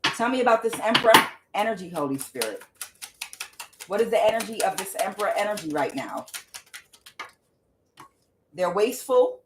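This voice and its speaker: A woman's voice: mid-range voice, big pitch swings, normal speed, pauses often, background noise. A woman doing a casual tarot reading, speaking bluntly with swearing and calling on the Holy Spirit as she goes. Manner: talks aloud to the Holy Spirit, blunt and profane. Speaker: tarot reader.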